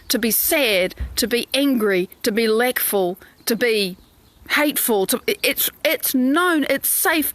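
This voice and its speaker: A woman's voice: high voice, a bit bright, dry recording. A woman coach, talking in a live coaching stream, acting out quoted inner voices with lots of expression. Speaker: life coach. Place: outdoors in the sun.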